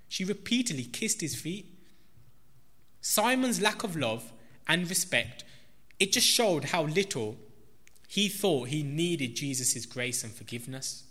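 Male preacher, slow and emphatic, bright forceful tone, big reverberant room. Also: on the high side. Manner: slow, emphatic delivery with stressed repetitions. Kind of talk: sermon. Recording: long reverb of a large hall.

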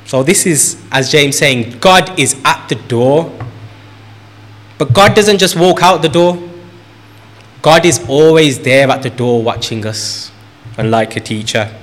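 A man's voice: on the high side, a little slow, pauses often, fairly bright tone. A man preaching a sermon in an earnest way, repeating phrases for emphasis and lifting his voice on key points.

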